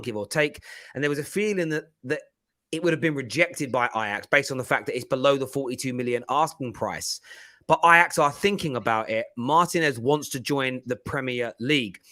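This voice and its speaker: A man hosting a football podcast in an animated, casual chat. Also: fairly high pitch. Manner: animated, laughing, chatty.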